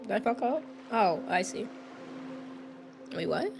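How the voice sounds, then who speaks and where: A woman's voice: mid-range voice, sing-song, measured pace, creaky, music in the background. Chatty woman streamer, laughs a lot. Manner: chatty, greets viewers, laughs often. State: recovering from a lost voice. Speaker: streamer playing a game. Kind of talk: casual live-stream chat.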